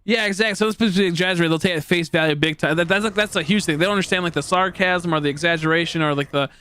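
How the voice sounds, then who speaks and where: This young American man chats casually with his livestream viewers, rambling with endless "like" and "you know" and chuckling often between remarks. His high voice races along with a sharp yet clean tone.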